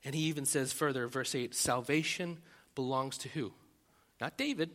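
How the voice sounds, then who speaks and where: A man preaching a sermon as pastor, animated, acting out loud rising prayers and often restarting his phrases. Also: mid-range voice, moderate pace, big-room sound.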